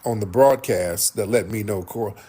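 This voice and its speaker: A man's voice: on the low side, normal speed, warm tone, slightly rough. A man telling a story casually in a played clip, animatedly acting out what others said. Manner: retells a confrontation, acting out quotes animatedly.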